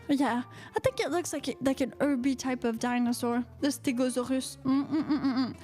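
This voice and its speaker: A woman with a very high voice and a Quebec French accent hosts a live-streamed radio chat show. She talks playfully and theatrically, answering viewer comments and dropping in constant uh-huhs and mm-hmms. Faint music plays under her voice. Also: a little fast, darkish tone. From Quebec, Canada.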